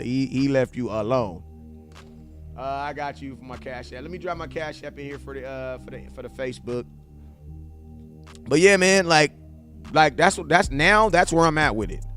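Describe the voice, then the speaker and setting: A man's voice: on the high side, a bit bright. A man hosting a casual sports livestream with a loose, rambling, slangy way of talking. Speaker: sports vlog host.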